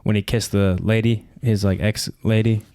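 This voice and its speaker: A man's voice: fairly low pitch, steady tone, warm tone. A young man co-hosting a podcast, chatting casually about a movie he just watched, rambling and restarting his sentences. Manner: quick, rambling, lots of restarts. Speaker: podcast co-host. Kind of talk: casual movie reaction chat.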